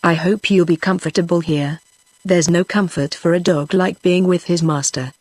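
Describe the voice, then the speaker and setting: A woman's voice: lowish voice, moderate pace, dry recording, lightly acted. Male dog, sleepy and stiffly polite; synthetic woman reader, storybook animal. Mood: stolid. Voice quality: even synthetic voice.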